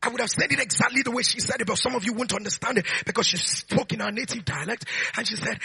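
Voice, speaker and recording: A man preaching a sermon who often shouts declarations and switches to soft storytelling. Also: extremely high pitch, expressive, fast, vocal fry, husky, no room sound. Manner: soft storytelling while recounting a memory.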